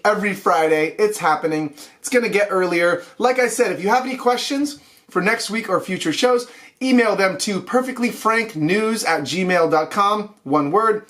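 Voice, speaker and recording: A man's voice: high-pitched, a bit bright. A young adult man hosting a weekly online news show, ranting in a heated, casual way straight to camera.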